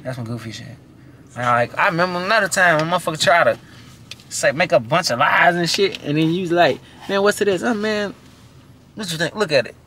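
A man's voice: fairly high pitch, brisk, pushed and bright, slight background noise. A man, a guest in a casual interview, talking bluntly with lots of profanity and repeated restarts.

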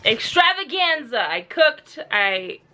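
A woman vlogger films a casual home vlog on a handheld camera in her kitchen, with background noise. She speaks slowly in a high voice, gushing excitedly and tumbling over her own exclamations.

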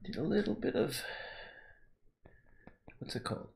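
A man's voice: a little high, big pitch swings, measured pace, gravelly, a little mellow, slight background noise. Man muttering to himself while painting. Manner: muttering self-talk, scolding his own work. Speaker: painter streaming his work. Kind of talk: livestream commentary while painting.

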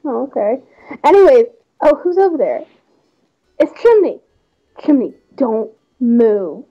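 A young woman chats through a game livestream with bubbly, giggly energy. Her voice sits high and swings widely in pitch as she talks. The audio is slightly muffled. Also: sing-song, measured pace, mellow, soft background music. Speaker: livestream host. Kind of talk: casual game-stream chat.

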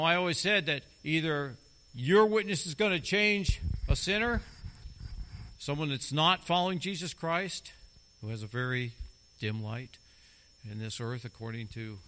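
A middle-aged man delivering a church sermon with a bright, forceful voice. He leans into his points and repeats key lines to drive them home. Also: on the high side. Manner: emphatic, repeats key phrases for stress. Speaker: lay preacher.

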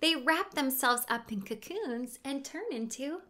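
A woman's voice: high-pitched, expressive, measured pace. A young woman hosting a toddler learning show outdoors, talking and singing in a sing-song way, with gasps and coaxing questions for the children. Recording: ukulele music playing underneath.

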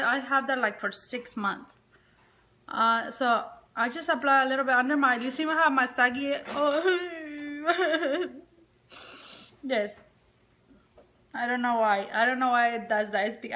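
Sleepy and worn out, this woman livestreams from home as a makeup vlogger, talking rambly and chatty to viewers and to her dog. Her high voice is steady and sharp at a moderate pace, recorded on a phone or webcam indoors.

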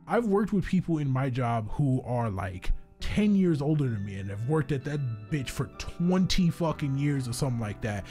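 Young man, gaming video host, excitable, profane, reads game text aloud, mid-pitch voice, faint music behind. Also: normal speed. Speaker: gaming YouTuber. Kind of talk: let's play commentary and reading game text aloud.

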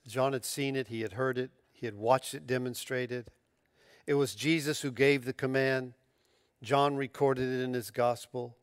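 This sermon comes from a pastor with a smooth, medium-pitched voice at normal speed, recorded dry in a clean studio. He preaches in a conversational, emphatic style, slipping into casual slang, restarting phrases, and climbing sharply in pitch when excited.

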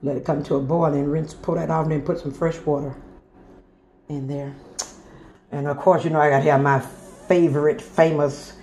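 A woman's voice: sits low, steady tone, moderate pace, warm tone, slight background noise. A woman, showing her home-cooked meal to viewers in a homey, chatty way. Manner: homey, chatty, addresses viewers as y'all and honey. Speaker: cooking vlogger. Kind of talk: casual cooking show-and-tell.

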